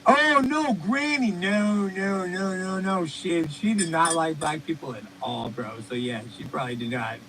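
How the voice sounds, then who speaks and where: A man's voice: high-pitched, normal speed, hardly any pauses, slight background noise, rough recording. A man co-hosting a podcast, telling rambling, profane stories in casual comedic chat. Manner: rambling, profane, animated storytelling. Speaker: podcast co-host.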